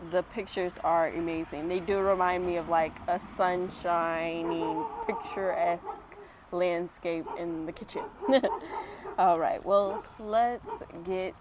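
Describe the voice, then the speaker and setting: Chatty mom reading a picture book. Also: female voice, on the low side, fairly even intonation, measured pace, background noise. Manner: chatty asides, laughs at herself. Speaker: mother reading aloud. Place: home. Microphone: external microphone. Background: dogs barking.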